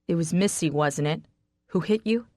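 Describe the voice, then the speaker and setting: A woman's voice: on the low side, normal speed, a little mellow, no room sound, clean studio sound, lightly acted. A woman voicing an intense, possessive young man who talks heatedly and curses in an audiobook. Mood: pressing. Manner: heated, cursing.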